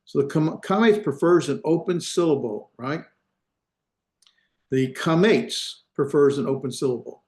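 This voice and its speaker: Over a computer mic on a video call, a Hebrew instructor lectures his online class in a fairly high, darkish voice. He's unhurried, the sound is roomy, and his step-by-step explanations are full of fillers and restarts.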